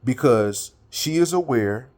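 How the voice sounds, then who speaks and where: A man's voice: medium pitch, animated, slow pace, darkish tone. A middle-aged man speaking straight to viewers, telling a story in loose, colloquial speech and acting out what he and his friend said. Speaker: motivational talker. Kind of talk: casual monologue.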